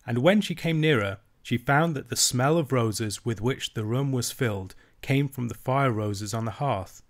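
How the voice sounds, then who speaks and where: A man narrating an old children's novel, his mid-pitched voice steady and measured. He reads at an even, deliberate pace, letting the long descriptive sentences unfold. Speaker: audiobook reader. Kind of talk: reading a classic children's novel aloud.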